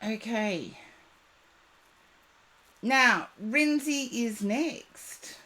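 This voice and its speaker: Woman, slow unhurried delivery, slightly high voice, live tarot reading, chatty, reassuring, voice going hoarse. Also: animated, pushed and bright. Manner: chatty, reassuring, addresses viewers by name. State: losing her voice. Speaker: tarot reader.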